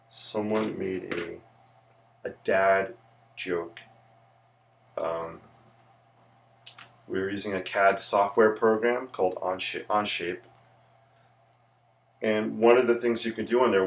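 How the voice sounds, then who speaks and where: A man with a lowish voice and vocal fry chats casually with livestream viewers while he sketches. An architect who teaches, he greets people and wanders off into rambling asides.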